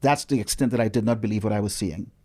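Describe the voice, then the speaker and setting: A man, a guest researcher telling a story in a casual interview with lively, dramatic delivery. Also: fairly low pitch, fast talker.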